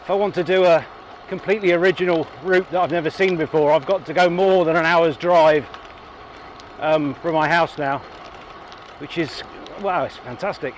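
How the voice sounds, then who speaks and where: Recorded on an action camera, this man narrates while biking on roads and through a tunnelled greenway. His slightly high voice holds a fairly even intonation at normal speed over a bit of hiss or hum, as the cycling vlogger chats and thinks aloud with fillers.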